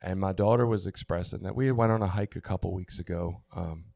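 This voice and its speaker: A middle-aged man talks candidly on a recovery podcast in a gravelly, mellow voice that sits a little low. He gropes for words, restarts, and swears casually. The sound is dry and close. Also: fast talker, dry recording. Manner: open, searching, stops and restarts, swears. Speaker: podcast co-host.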